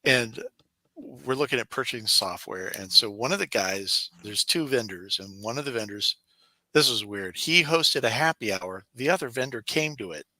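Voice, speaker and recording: A man's voice: medium pitch, animated, moderate pace, bright, forceful tone, no echo, rough recording. A man co-hosting a podcast, telling workplace stories in casual chat, acting out the people he quotes and laughing often. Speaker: podcast co-host.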